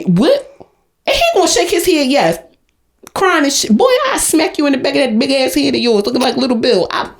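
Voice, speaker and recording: Loud, profane woman ranting dramatically. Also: sits high. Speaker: podcast co-host. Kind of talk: comedic rant. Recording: roomy echo.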